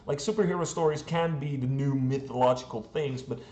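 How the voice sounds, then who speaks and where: A man's voice: medium pitch, a little fast, mellow, dull audio. A man from the Netherlands with a Dutch accent, reviewing a movie in a chatty way, with frequent chuckles and plenty of fillers. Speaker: film reviewer. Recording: roomy echo.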